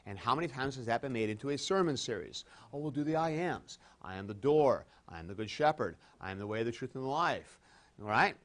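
A man giving a classroom theology lecture, animated and emphatic, swinging between loud stresses and quiet asides and acting out imagined objections. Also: medium pitch, brisk. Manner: conversational, acts out imagined objections. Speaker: theology professor.

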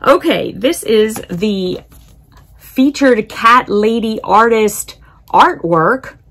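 A woman chatting excitedly as she unboxes a subscription box at home, cooing over the items and calling to her cats. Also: fairly high pitch, slow, vocal fry. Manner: bubbly and excitable, talks to her cats, hums to herself. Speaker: unboxing vlogger. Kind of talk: casual unboxing chat. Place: home, indoors.

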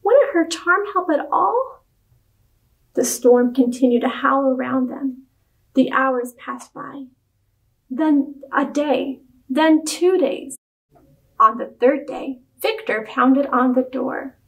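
Slow, high-voiced woman storyteller. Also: poor audio. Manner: clear, expressive read-aloud. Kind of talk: children's story reading.

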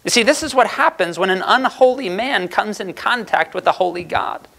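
A man's voice: sits high, animated, moderate pace, gravelly, pushed and bright. A man preaching a sermon as pastor, earnest and emphatic, asking the congregation rhetorical questions.

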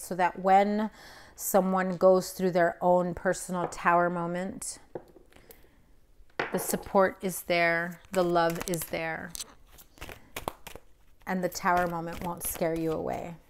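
A woman's voice: lowish voice, background noise. Blunt, chatty woman reading tarot. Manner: blunt, emphatic, chatty with frequent fillers. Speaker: tarot reader. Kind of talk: casual tarot reading to camera.

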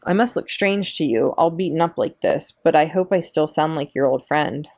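A woman voicing a calm, battered storybook robot. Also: deep voice, moderate pace, no room sound, studio quality. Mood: calm, earnest. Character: gentle, calm female robot, battered and frail.

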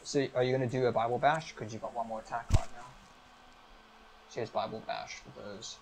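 A man acting as game master on a live stream, explaining each rule of a tabletop game step by step in a brisk, upbeat way. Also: mid-range voice, steady tone, a little hiss or hum, poor audio.

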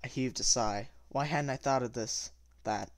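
A man's voice: medium pitch, normal speed, dry recording. Man reading a novel aloud, stumbling. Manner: stumbling and self-correcting. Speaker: reader.

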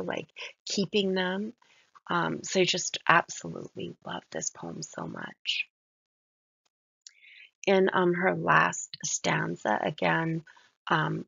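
A soft-spoken woman with a low voice and vocal fry delivers a recorded mini-lecture on a poem. She reflects on its lines admiringly, and the recording is dry, dull and lo-fi.

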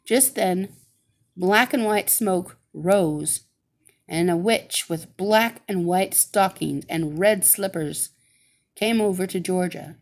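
Slow, expressive woman storyteller. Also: fairly low pitch. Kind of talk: story read aloud.

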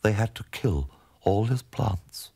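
A man voicing a dreamy, eccentric middle-aged gentleman, mournful and drifting into whispers, on a comic spoken-word record. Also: lowish voice, animated, slow, vocal fry, breathy edge, no room sound, voice pushed up, heavily acted. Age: 40s.

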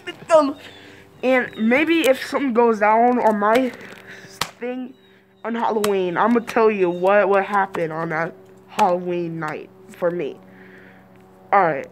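A woman's voice: on the high side, a little hiss or hum. A woman telling a rambling storytime to her viewers, repeating and restarting her lines. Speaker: vlogger. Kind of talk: casual storytime.

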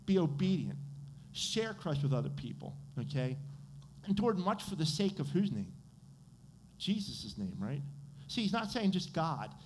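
A man's voice: on the high side, unhurried, slight background noise. A man with an American accent preaching a sermon as pastor, quizzing his congregation and answering his own questions. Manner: animated, asks the congregation questions and answers them. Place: church sanctuary.

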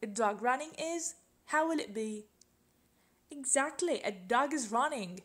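A woman's voice: sits high, animated, unhurried. A woman teaching an English grammar lesson, patiently asking questions and repeating example sentences.

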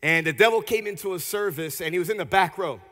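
A man pastor preaching an energetic sermon in a church, leading the congregation in call-and-response. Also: high-pitched, quick pace, big-room sound. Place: church sanctuary.

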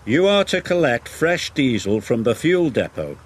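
A man's voice: medium pitch, very animated, normal speed, background noise, close to an everyday voice. A man voicing an urgent male quarry manager in a storybook reading, with background music.

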